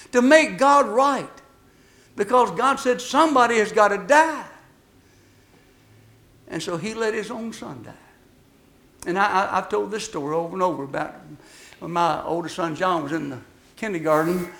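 A man preaches a sermon in a folksy storytelling manner. His voice sits high and carries a gravelly rasp. He swings emphatically between loud declarations and hushed asides.

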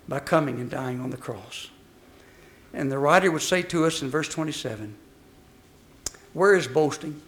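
A man preaching a sermon, telling folksy stories with emphatic swings between loud and hushed delivery. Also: high-pitched.

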